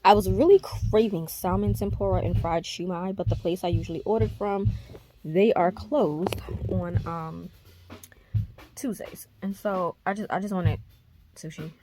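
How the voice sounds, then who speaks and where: A woman's voice: medium pitch, steady tone, fairly quick, music in the background. A woman chatting casually to her camera at home for a reading vlog, rambling with many fillers. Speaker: reading vlogger.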